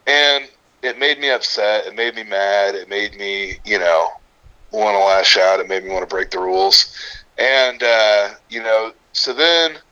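A middle-aged man, a gym owner and coach, chatting casually on a podcast, relaxed and swearing freely as he tells stories. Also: on the low side, clear, resonant tone. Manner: laid-back, swears freely, drawn-out storytelling. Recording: muffled lo-fi audio.

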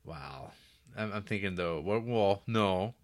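A man's voice: lowish voice, slow pace. A tired man co-hosting a podcast, joking casually and reading out listener messages. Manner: jokey, reads listener messages. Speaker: podcast co-host. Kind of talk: casual chat.

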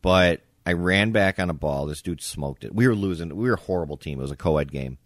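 A man co-hosting a casual podcast, telling an animated story and acting out both sides of an argument. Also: low-pitched, brisk, no room sound, clean studio sound. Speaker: podcast co-host.

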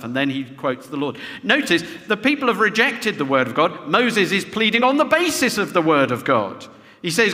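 A man's voice: a little high, sing-song, normal speed, bright, forceful tone. A man preaching a sermon to a congregation, often ending points with rhetorical tag questions. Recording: long reverb of a large hall.

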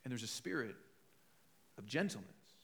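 A man preaching a sermon at a medium pitch. He talks conversationally and tells stories, slipping into quoted voices as he goes. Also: sing-song, normal speed, gravelly, bright, forceful tone. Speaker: pastor.

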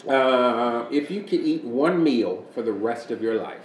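A man's voice: medium pitch, lively intonation, unhurried, reverberant. A man hosting a casual podcast panel, asking questions and laughing often. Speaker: podcast host.

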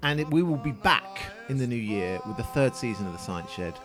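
A man co-hosting a science podcast as the chemist, trading quick jokey banter. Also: medium pitch, animated, over music. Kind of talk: casual science chat.

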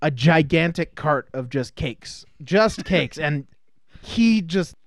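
Crude, joking male podcast co-host, slightly high voice, dry close mic. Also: lively intonation, slow pace, dry recording. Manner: joking, crude, mocks characters in silly voices. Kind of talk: casual movie-review chat.

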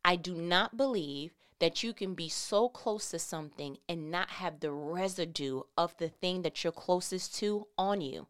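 Smooth-voiced woman preaching casually. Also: on the low side, unhurried, few pauses, a bit bright. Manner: conversational, repetitive emphatic phrasing. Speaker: Christian speaker.

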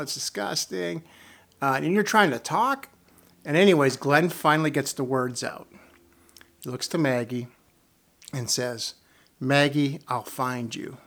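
A man's voice: mid-range voice, fairly bright tone. A man giving a casual, rambling review of a TV episode, chuckling as he retells the scenes. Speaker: TV show reviewer. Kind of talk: casual spoken review and rant.

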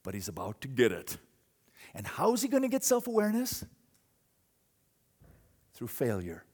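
Animated preacher with a lively voice. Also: male voice, mid-range voice, normal speed. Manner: animated storyteller, dramatic swings from loud to hushed. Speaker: pastor. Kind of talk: sermon.

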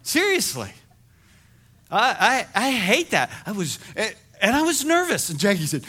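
A middle-aged man preaching a sermon as pastor, telling stories in an animated, self-deprecating way. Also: sits high, a little slow.

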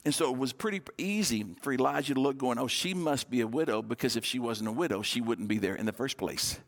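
A male pastor preaching a sermon, retelling a Bible story and acting out its dialogue in a lively storytelling manner. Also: medium pitch, fast talker.

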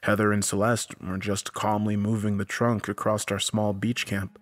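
A man narrating a horror story in a dramatic, measured storytelling style. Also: on the low side, little pitch movement.

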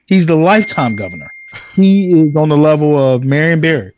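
A man's voice: on the high side, lively intonation, a little fast, a little mellow, slight background noise. A man hosting a casual podcast, reading news stories and arguing playfully with mock seriousness. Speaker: podcast host.

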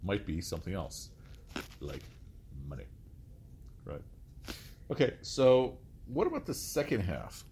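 A man's voice: low voice, very animated, a little slow, pauses often, warm tone, a little hiss or hum. A male teacher giving a classroom lecture, explaining step by step, often saying "okay" and quizzing his students with questions.

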